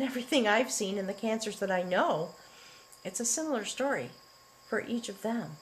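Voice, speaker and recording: A middle-aged woman giving a spiritual tarot reading, earnest and emotional, slowly drawing out her words and sometimes dropping to a near whisper. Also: a little high, a little hiss or hum, low-quality recording. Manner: earnest and emotional, often choked up, breaking into soft laughs; slow, drawn-out delivery with soft near-whispered words. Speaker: tarot reader.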